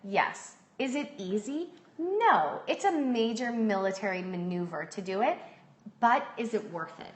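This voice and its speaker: A woman's voice: mid-range voice, lively intonation, measured pace, echoey room, low-quality recording. A woman co-hosting a podcast live, talking casually with lots of filler words. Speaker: podcast co-host. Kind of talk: casual live-stream chat.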